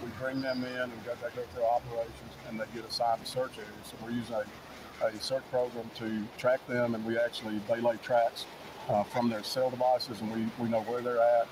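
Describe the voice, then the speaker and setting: A man, an emergency management director, giving a steady press briefing outdoors, listing resources with frequent restarts. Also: medium pitch, fairly quick. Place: outdoors at a search site. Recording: outdoor briefing with loud background noise.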